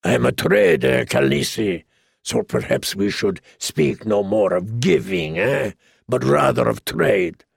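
A man voicing a sly, greedy male merchant prince who teases and bargains in a slow, drawling way. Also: on the low side, big pitch swings, vocal fry, slightly rough, dry recording, studio quality, pitched below the performer's own voice, full character voice. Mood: sly wheedling.

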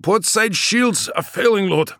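A man's voice: sits high, unhurried, a bit bright, no room sound, clean studio sound, pitched above the performer's own voice. A man voicing an injured shipmaster in an audiobook, giving strained, dutiful reports under fire.

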